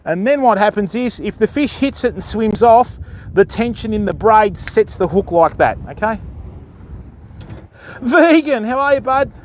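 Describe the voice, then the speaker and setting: A man's voice: sits high, animated, unhurried, a little hiss or hum. A man with an Australian accent hosting a live beach-fishing stream outdoors, chatting to viewers and explaining his rigs. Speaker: fishing livestream host. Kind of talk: casual live-stream commentary.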